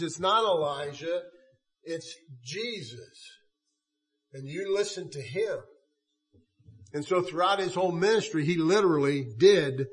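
Man, sermon, earnest halting preaching, husky tone, high pitch.

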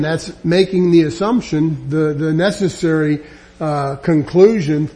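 A man's voice: fairly high pitch, dark tone. A man teaching a verse-by-verse Bible lesson, earnest and emphatic, often restarting his sentences.

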